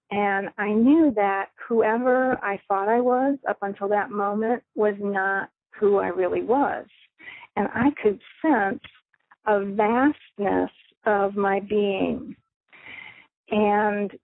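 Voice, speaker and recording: A woman's voice: medium pitch, dry recording. A middle-aged woman, a radio host, telling her personal story in an earnest, reflective way with small laughs. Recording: thin phone-line audio, dry.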